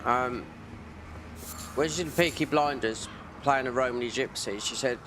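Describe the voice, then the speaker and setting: A man's voice: medium pitch, normal speed, long pauses, background noise. A man chatting casually while streaming a game, rambling from one tangent to the next. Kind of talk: casual chat while gaming.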